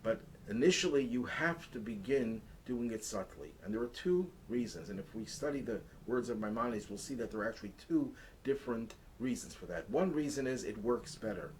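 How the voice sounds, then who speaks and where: A man's voice: medium pitch, lively intonation, a little fast, few pauses, a little hiss or hum, rough recording. A man teaching the weekly Torah portion as a rabbi, earnest and rising in intensity to stress his points. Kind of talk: Torah lesson.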